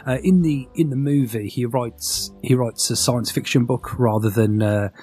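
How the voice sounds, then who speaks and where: A man with a husky, slightly breathy voice co-hosts a relaxed podcast chat. He rambles, restarts his sentences and steers the questions along. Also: medium pitch, moderate pace, soft background music. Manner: rambling, self-correcting, leads the questions. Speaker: podcast co-host. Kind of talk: casual film and book discussion.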